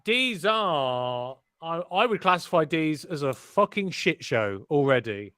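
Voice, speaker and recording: A man's voice: fairly high pitch, very animated, unhurried, fairly bright tone, no echo, clean studio sound. A man hosting a live race stream, commentating with cheeky, swearing banter.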